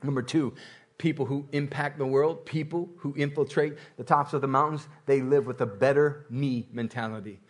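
A man's voice: medium pitch, steady tone, moderate pace. A man preaching a sermon, repeating phrases and building intensity, with occasional laughter. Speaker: pastor.

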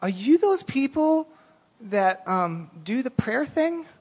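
A man voicing a shy little girl who asks for prayer in a halting, hesitant way. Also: very high-pitched, very animated, a little mellow, husky, pitched above the performer's own voice, heavily acted. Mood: pleading. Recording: long reverb of a church hall.

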